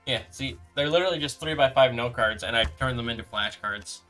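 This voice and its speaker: A young man with a very bright, forceful voice chats loosely on a live stream, often restarting his sentences as he answers viewers. Soft background music plays behind him. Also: medium pitch. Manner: rambling, halting, reads chat aloud and answers. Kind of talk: casual live-stream chat.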